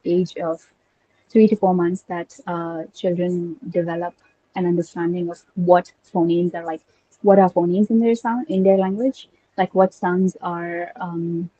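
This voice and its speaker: A woman's voice: lowish voice, steady tone, measured pace, mellow, dull audio. A young woman whose first language is Urdu, talking eagerly in casual conversation and thinking aloud with many fillers and restarts. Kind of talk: casual conversation about linguistics.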